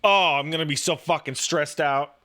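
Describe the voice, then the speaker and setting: A man in his thirties chatting casually about raising a baby, profane and animated, full of "like" and restarts. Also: on the high side, normal speed. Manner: profane, animated storytelling with lots of "like". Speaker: podcast talker, new father. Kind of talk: casual chat.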